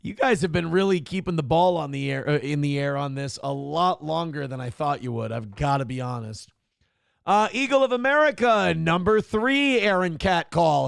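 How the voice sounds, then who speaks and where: Gravelly man reading viewer messages. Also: expressive, moderate pace, no echo, clean studio sound. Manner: reads messages in a raised voice, then drops into low wry asides. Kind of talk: casual live-stream chat.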